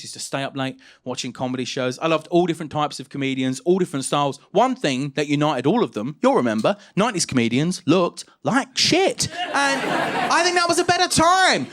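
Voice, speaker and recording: Animated self-mocking male stand-up. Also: a little high. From England. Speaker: stand-up comedian. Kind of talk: stand-up comedy set.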